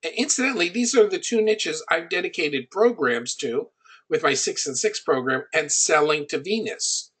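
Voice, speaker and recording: A man's voice: on the high side, moderate pace, fairly bright tone, breathy edge. A middle-aged man coaching an audience on building an online business. He teaches through personal stories and speaks in a conversational, anecdotal way, hitting his key points with emphasis.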